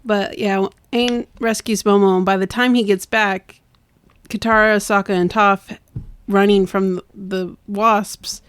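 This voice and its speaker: A woman co-hosting a casual podcast chat, retelling scenes in an animated way with acted quotes. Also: mid-range voice, slow, clear, resonant tone. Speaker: podcast co-host.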